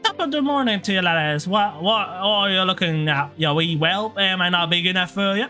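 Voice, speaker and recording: A man's voice: high-pitched, animated, normal speed, bright, forceful tone, faint music behind. A man putting on a clumsy, exaggerated Irish accent to play a cocky young lad squaring up for a fight. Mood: mock-tough. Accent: put-on Irish. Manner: exaggerated, clumsy put-on brogue.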